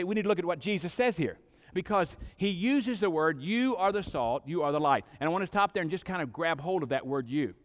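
A man's voice: high voice, fairly bright tone. Emphatic middle-aged male pastor preaching. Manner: emphatic preaching with dramatic pauses and swelling intensity. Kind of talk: sermon. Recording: long hall reverb.

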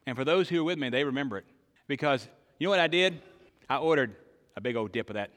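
An older man preaching a sermon, asking the congregation questions and swinging between loud emphasis and soft, hushed lines. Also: mid-range voice, lively intonation, fast. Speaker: pastor. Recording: long hall reverb.

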